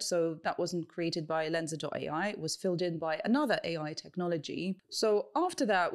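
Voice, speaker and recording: A woman hosting a show, interviewing and then chatting upbeat to viewers while wearing headphones. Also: fairly low pitch. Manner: upbeat, chatty, thanks and wraps up warmly. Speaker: host. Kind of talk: interview and casual explanation to viewers.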